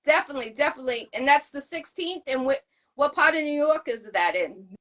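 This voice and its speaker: A woman hosting an interview show with a heavy accent, eager and upbeat, quick with shout-outs. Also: high-pitched, expressive, rough recording. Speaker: interview host.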